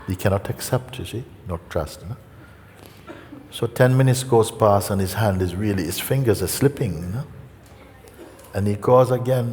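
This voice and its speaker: A man giving a satsang talk as a spiritual teacher, gentle and unhurried, often checking in with listeners by asking questions. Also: on the low side, a little hiss or hum. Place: large meeting hall. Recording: echoey hall with faint ambience.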